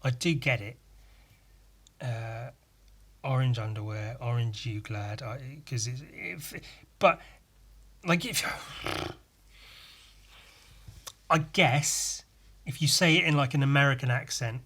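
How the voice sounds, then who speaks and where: A man's voice: mid-range voice, takes it slowly, long pauses, bright, forceful tone, breathy edge. A man with an English accent hosting a podcast, ranting casually with sardonic, sweary, mock-outraged asides. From England. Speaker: podcast host. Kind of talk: casual solo rant.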